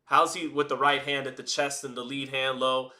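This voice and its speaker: A man calling a boxing fight live, chatty and energetic, hosting a watch-party stream and often restarting his phrases. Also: medium pitch, moderate pace. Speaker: boxing commentator and stream host. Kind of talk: live round-by-round fight commentary.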